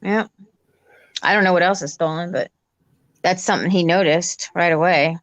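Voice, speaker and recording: A woman telling a story in a casual chat, animated and acting out sounds as she goes. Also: fairly low pitch, normal speed, no echo.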